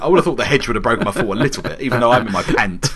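Animated, sweary man chatting. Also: mid-range voice, racing. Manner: animated, sweary, laughing often. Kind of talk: casual chat.

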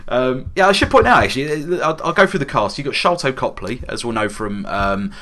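A man's voice: medium pitch, animated, a little fast, pushed and bright. A man co-hosting a casual film review podcast, rambling and joking, with the odd swear word. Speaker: podcast co-host.

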